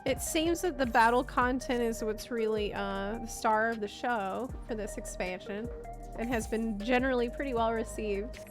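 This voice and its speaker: A woman streamer talks casually to her viewers, commenting on a game and thanking them for their support. Her voice sits a little higher than most, with faint game music playing underneath. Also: normal speed. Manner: chatty, thanks viewers between game scenes. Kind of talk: casual live-stream chat.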